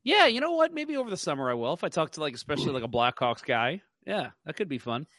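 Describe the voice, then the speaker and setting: Bright, animated joking podcast man. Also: fairly high pitch, fast, dry recording, studio quality. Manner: playful, animated, self-mocking. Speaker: podcast co-host. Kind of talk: casual chat.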